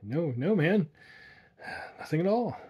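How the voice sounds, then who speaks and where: A jumpy, irritable young city man, as a male reader raises his voice for him. He speaks high and tense, with a husky edge, as in a read-aloud story. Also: expressive, highs cut off. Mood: nervous. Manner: higher, tense and quick.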